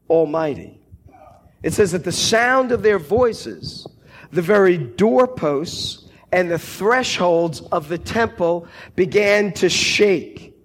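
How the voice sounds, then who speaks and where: A man preaching a sermon, slow and deliberate, lifting his voice on quoted cries. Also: high-pitched.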